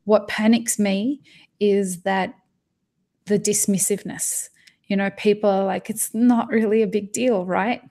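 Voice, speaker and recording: A woman's voice: mid-range voice, fairly even intonation, unhurried, warm tone. Impassioned woman talking shop. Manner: impassioned, frequent restarts and swearing. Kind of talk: casual podcast conversation.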